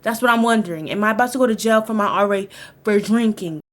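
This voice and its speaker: A young woman streamer telling a story casually, animated and profane, repeating lines for effect. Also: mid-range voice, fast, slight background noise.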